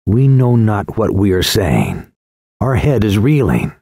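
A male audiobook narrator reads a first-person story slowly and solemnly. His voice is on the low side but moves through a wide, expressive range of pitch. The recording is close and dry. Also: slightly rough, no echo. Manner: slow, solemn, expressive reading.

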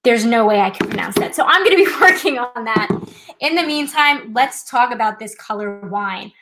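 A woman's voice: on the high side, animated, moderate pace, noisy background. A woman hosting a live trivia night, chatting casually and explaining things step by step with a self-deprecating touch. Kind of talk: casual live-stream demonstration.

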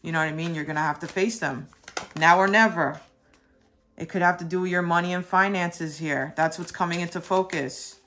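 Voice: medium pitch, fairly even intonation, fairly quick, hardly any pauses, a bit bright, slight background noise. A tarot reader doing a casual reading for viewers, earnest and reassuring. They talk straight to the listener in loose, repetitive speech with many asides.

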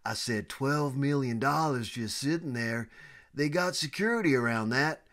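A man's voice: mid-range voice, animated, moderate pace, a bit bright. A man doing an amateur American accent, voicing a laid-back young college stoner who talks in casual slang. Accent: put-on American.

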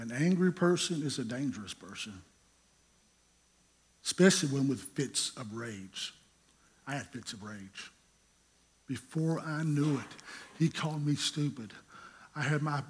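A middle-aged preacher from North Carolina, his voice sitting a touch higher than most men's. He tells his story in an animated, joking way, acting out every quote. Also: a little hiss or hum. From North Carolina, USA. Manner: animated, humorous, acts out quotes. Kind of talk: sermon storytelling.

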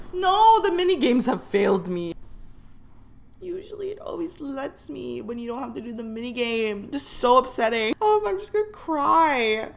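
A young woman giving let's play commentary on a life simulation game, giggling often and reacting dramatically to each event. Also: on the high side. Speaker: gaming YouTuber.

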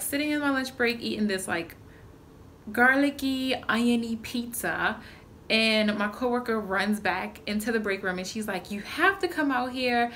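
A chatty young woman vlogging from home, excitable and animated as she tells a story. Her voice sits at a middle pitch, and a faint hiss runs under the recording. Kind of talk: casual chat.

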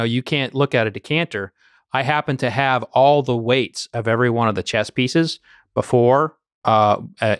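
A man's voice: medium pitch, clean tone, no room sound, clean studio sound. A man co-hosting a podcast in casual chat, telling stories with many restarts. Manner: rambling storyteller with many restarts. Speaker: podcast co-host, bourbon collector.

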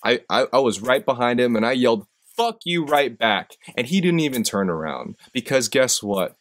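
A man's voice: medium pitch, animated, normal speed. A man hosting a live stream, telling stories and giving a profane, impassioned motivational speech that rises in intensity when he gets fired up. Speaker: host.

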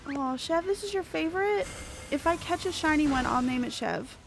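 A woman talks in a high, bright register as she streams a game live. She is chatty and excitable and greets her viewers by name. Faint music plays underneath her voice. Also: moderate pace, vocal fry. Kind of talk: casual live-stream chat.

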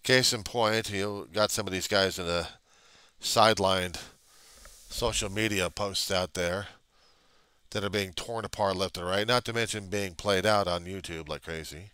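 Gruff deep-voiced man grumbling on webcam. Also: measured pace, pushed and bright, no room sound. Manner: gruff, grumbling, swears freely. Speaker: vlogger. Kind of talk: rambling casual monologue.

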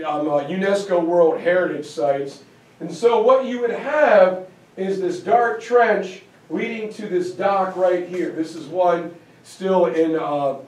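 A man's voice: high voice, a little mellow. A man giving a casual classroom history lecture, talking conversationally with lots of fillers and check-ins with his audience. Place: lecture room. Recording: echoey room from far off.

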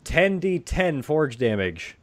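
A man's voice: a little high, very animated, slow pace. A man running a tabletop game as game master, casual and rambling, often laughing and swearing.

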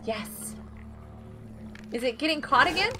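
A young woman streaming a video game, chatting casually and getting excitable, with frequent gasps and giggles. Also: sits high, unhurried, over music. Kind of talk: casual live gameplay chat.

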